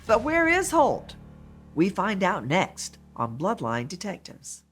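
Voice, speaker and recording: A woman's voice: medium pitch, huge pitch swings, slow pace, over music. A woman narrating a true-crime show in a dramatic, emphatic scripted style.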